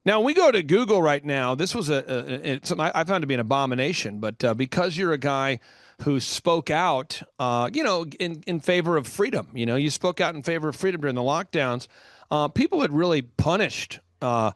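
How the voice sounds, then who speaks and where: High-voiced, emphatic male talk show host. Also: no room sound, clean studio sound. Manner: energetic, emphatic storyteller; fast bursts of speech. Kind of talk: business talk show interview.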